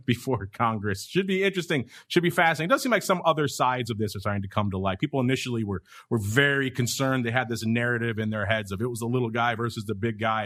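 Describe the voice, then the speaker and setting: A man's voice: medium pitch, a bit bright. A man hosting a markets podcast, chatty and wry, with asides. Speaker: podcast host. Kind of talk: casual market talk.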